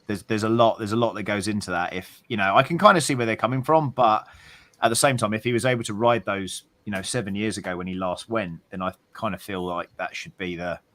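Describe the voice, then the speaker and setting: A man's voice: fairly low pitch, fast, a bit bright. A man from Ireland hosting a maker livestream, rambling with many fillers and dry jokes. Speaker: livestream host. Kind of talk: casual chat.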